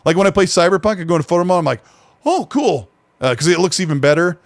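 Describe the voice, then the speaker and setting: A man's voice: high-pitched, very fast, no echo. Rambling male gaming podcast host. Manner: rambling, self-correcting. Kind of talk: casual gaming podcast chat.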